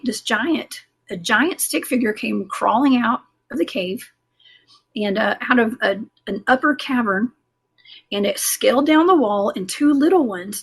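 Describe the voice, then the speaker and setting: Husky woman guest, casual rambling storyteller, restarts a lot. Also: fairly high pitch. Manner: rambling, many fillers and restarts. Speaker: guest, cryptid investigator.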